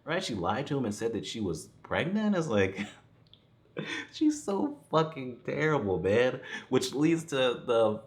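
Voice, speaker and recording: In an unhurried, sing-song, mid-range voice, a man gives a loose film review full of chuckles and profanity. He rambles casually as he talks.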